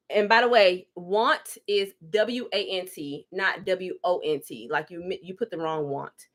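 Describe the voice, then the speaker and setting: A woman's voice: on the low side, unhurried, few pauses. A woman vlogger ranting candidly while she cooks in her home kitchen, blunt and heavy on profanity. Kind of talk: candid rant while cooking.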